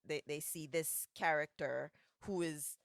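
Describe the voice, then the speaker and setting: A woman's voice: low voice, unhurried, creaky, no echo, clean studio sound. A woman hosting a podcast interview, conversational and emphatic as she asks probing questions. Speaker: podcast host. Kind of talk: casual interview chat.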